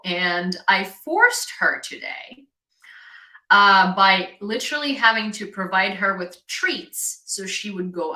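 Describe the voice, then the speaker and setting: A woman's voice: on the low side, pushed and bright, reverberant, poor audio. A woman from Ukraine hosting a casual livestream, telling a chatty story and greeting viewers in the chat. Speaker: livestream host.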